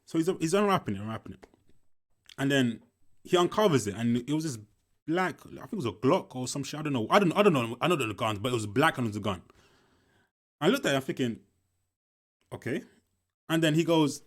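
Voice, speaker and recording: A man's voice: mid-range voice, very animated, fairly quick, pauses often. A young man, telling a school story casually while commenting on a film, swearing often and repeating himself. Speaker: movie reaction commentator.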